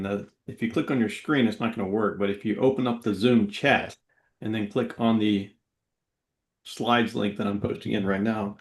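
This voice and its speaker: A man's voice: fairly low pitch, fairly even intonation, moderate pace. A man presenting slides on a live trading webinar, giving patient step-by-step instructions. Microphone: video call. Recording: echoey room sound.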